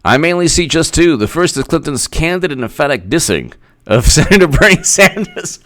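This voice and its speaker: A man's voice: on the high side, expressive, normal speed, fairly bright tone, dry recording. A man who works as a political commentator, reading an article aloud and mocking it with sarcastic asides.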